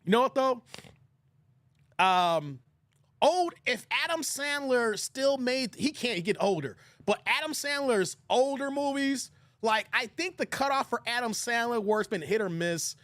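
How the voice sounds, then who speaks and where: Animated, laughing male stream host. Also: extremely high pitch, measured pace, no room sound. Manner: laughing hard, animated, slangy. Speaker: live stream host reacting to chat. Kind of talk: casual live stream chat.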